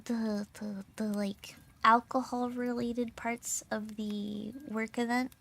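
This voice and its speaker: A woman's voice: a little high, level tone, takes it slowly, gravelly, fairly bright tone. A young adult woman VTuber streamer in casual chat, bubbly and giggly with lots of filler words, her throat a little sore and strained.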